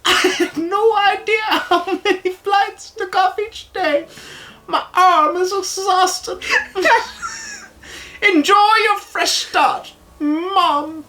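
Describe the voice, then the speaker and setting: A woman voicing a doting, cheerful mother, reading her letter aloud in a sweet, sing-song, high voice. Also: slow, pushed and bright, heavily acted.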